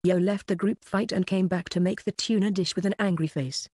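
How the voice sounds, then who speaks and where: An audiobook narrator working through a web novel in an even, unhurried reading. The voice sits mid-pitch and the recording is dry and close, with no room sound. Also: no room sound.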